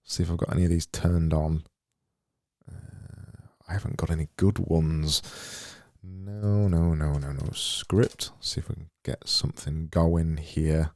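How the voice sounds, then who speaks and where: A man with a deep, mellow voice narrates his own design work in a casual, half-muttered inner monologue. He talks slowly and pokes fun at himself as he goes. The sound is close and dry, with no room around it. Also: fairly even intonation, no room sound. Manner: thinking aloud, muttering, self-deprecating. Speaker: graphic designer making visuals. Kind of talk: casual screen-recorded work commentary.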